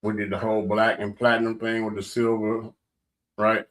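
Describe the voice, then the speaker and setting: A man's voice: on the low side, completely flat delivery, normal speed. A man co-hosting a casual radio talk show, asking questions and telling stories. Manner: storytelling, asks leading questions. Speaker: radio co-host.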